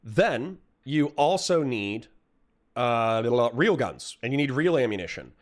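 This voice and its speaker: A man's voice: mid-range voice, sing-song, slow. A man ranting casually on a livestream, swearing often, rambling from idea to idea and reading chat aloud. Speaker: streamer.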